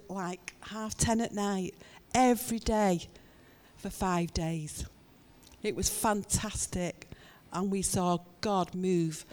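A woman sharing an animated story as a speaker in a talk. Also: mid-range voice. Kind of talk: testimony in a talk.

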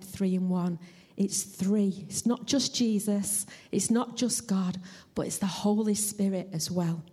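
A woman preaching a church sermon in an earnest, heartfelt, measured way and sharing her own testimony. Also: medium pitch, warm tone. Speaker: lay preacher. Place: church service.

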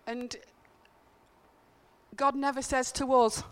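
Woman preacher, smooth clear tone, chatty earnest sermon in church, leans on repetition. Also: high-pitched, flat delivery, slow, fairly bright tone. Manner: earnest, conversational, emphatic repetitions. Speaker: church speaker. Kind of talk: informal sermon with personal stories.

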